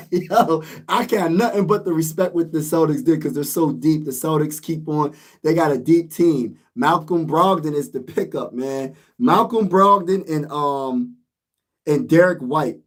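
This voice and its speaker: A man ranting to his viewers as a sports vlogger, excitable and repetitive, his voice hoarse from screaming. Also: a little high, measured pace. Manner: excitable, repeats himself, talks straight to viewers. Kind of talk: casual fan rant to viewers.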